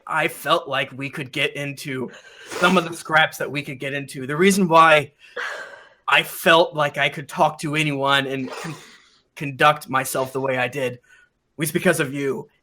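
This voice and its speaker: A dead king's ghost, played by a man running a tabletop game, chatting like an easygoing friend with plenty of swearing. The voice sits a bit high and sounds bright and forward. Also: a little slow, a little hiss or hum. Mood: earnest. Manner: laid-back, swearing buddy talk. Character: ghost of a dead male king, casual and crude. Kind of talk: tabletop role-play character voice.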